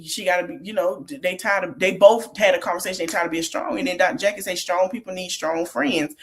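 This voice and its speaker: Chatty woman podcaster recapping reality TV. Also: lowish voice. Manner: chatty, Southern-tinged slang, laughs often. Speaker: podcast host.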